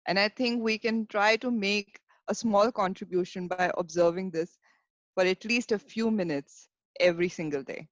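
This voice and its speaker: A woman's voice: medium pitch, normal speed, dry recording. A woman hosting a club meeting, formal and gracious, thanking the speaker and leading the next segment. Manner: formal, gracious, quoting sayings. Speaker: meeting host. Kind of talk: meeting facilitation. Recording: dry, dull lo-fi mic.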